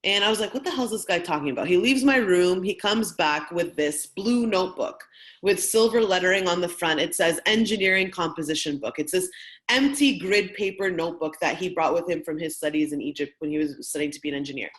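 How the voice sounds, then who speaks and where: A woman in her thirties leading a training session and telling a personal story in a candid, lively, conversational way. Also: fairly low pitch, a little fast. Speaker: workshop facilitator.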